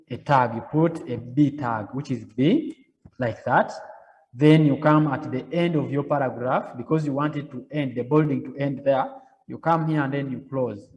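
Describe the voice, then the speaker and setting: A man teaching web design, walking through each step slowly and repeating himself, often checking in with "okay?". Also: fairly high pitch, darkish tone, in a large hall. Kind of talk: live coding lecture.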